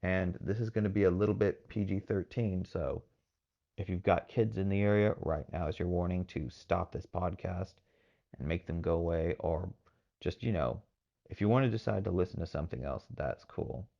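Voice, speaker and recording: Deep gravelly-voiced man, muffled. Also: moderate pace, warm tone. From Texas. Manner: rambling, hedging with fillers. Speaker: podcast host. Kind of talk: casual solo commentary.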